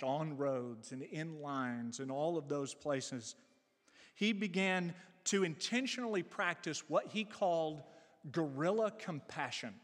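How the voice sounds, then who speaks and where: A male pastor delivers a sermon in an earnest way, often slowing and dropping to a softer voice on the phrases he wants to land. His voice sits a little higher than most men's. The recording carries the long reverb of a large hall.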